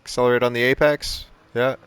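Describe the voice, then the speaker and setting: A man's voice: medium pitch, flat delivery, a little fast, a bit bright, clean tone, no echo. A man coaching a sim racing driver on a live stream, giving short driving instructions and chatting casually, swearing often. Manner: casual, swears often, repeats "you know what I mean".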